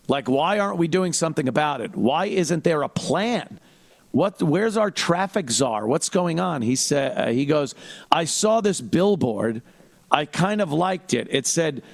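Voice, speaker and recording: A man's voice: on the high side, creaky, dry recording. A man hosting a podcast, talking through a blunt, profane and mocking monologue of commentary. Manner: blunt, profane, mocking, with frequent restarts and mimicry of others. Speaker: podcast host. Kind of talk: casual political commentary monologue.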